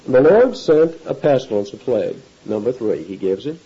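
A man's voice: medium pitch, big pitch swings, normal speed, dark tone, breathy edge, dull audio. A male pastor preaching an expository sermon in a conversational way, often putting questions to his listeners. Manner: conversational, asks the audience questions.

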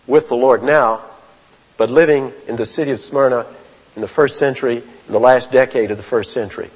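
A man preaching a sermon as a pastor, earnest and deliberate, often restarting his phrases. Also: mid-range voice, breathy edge. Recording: dull lo-fi sound with long hall reverb.

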